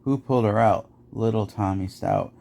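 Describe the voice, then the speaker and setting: A man's voice: on the low side, normal speed, vocal fry, warm tone. A man reading nursery rhymes aloud in a rhythmic, sing-song way, as host of a podcast.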